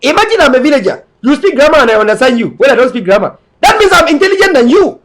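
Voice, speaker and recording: Man from cameroon with a very high voice preaching at his viewers, repeats himself a lot, english not his first language. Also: big pitch swings, very fast, fairly bright tone. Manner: emphatic, repetitive, preaching. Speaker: online commentator. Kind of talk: lecturing monologue to viewers.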